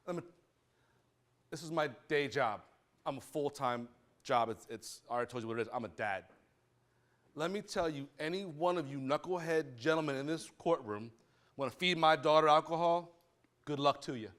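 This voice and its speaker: Man, judge type, preachy and fired up, a bit high-pitched, stutters when excited, speaking in a courtroom. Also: moderate pace, pauses often. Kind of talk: animated courtroom talk to students.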